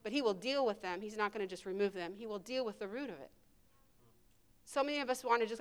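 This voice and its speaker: A woman's voice: medium pitch, fairly quick. A woman pastor preaching a sermon to a congregation, emphatic and call-and-response, leading into prayer. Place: church service.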